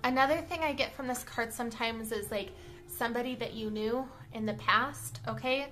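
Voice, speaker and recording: A woman's voice: a little high, normal speed, fairly bright tone. A woman giving a casual tarot card reading, chatty and blunt, who keeps checking in with "okay?" and "all right?". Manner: blunt, with the odd swear word. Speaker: tarot reader.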